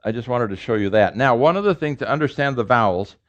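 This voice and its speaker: This man is a professor lecturing in a lecture room, explaining sounds step by step with fillers and restarting sentences. He talks fast in an expressive, mid-range voice, captured on a dull, lo-fi recording.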